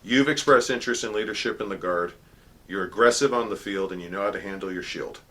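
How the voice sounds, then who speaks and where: A man voicing a brisk, commanding woman guard commander in a story he tells. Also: on the low side, fairly bright tone, lightly acted. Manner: brisk, decisive orders.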